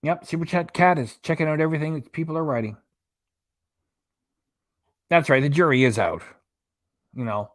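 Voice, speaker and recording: A mid-range male voice at a moderate pace, pausing often, hosts a casual livestream from a small apartment. He reads chat comments out loud, chats freely, and chuckles a lot in between.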